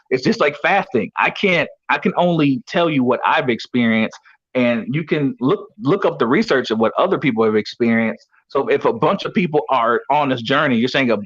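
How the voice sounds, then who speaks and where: On dull lo-fi audio, a man with a medium-pitched, slightly bright voice tells stories casually. He's a guest coach and ex-pro football player whose talk rambles and leans heavily on "you know" to fill the gaps.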